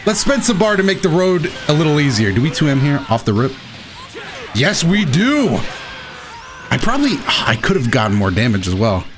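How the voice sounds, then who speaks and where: A young man giving excitable, self-mocking live commentary while playing a fighting game. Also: medium pitch, quick pace, hardly any pauses. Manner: excitable, self-mocking, shouts at big plays. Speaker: gaming YouTuber. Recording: game music playing behind. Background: game music.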